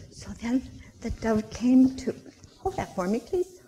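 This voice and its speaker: A woman telling a children's story in church, expressive, with dramatic gasps and whispers. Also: a little high, a little slow, slight background noise. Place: church sanctuary.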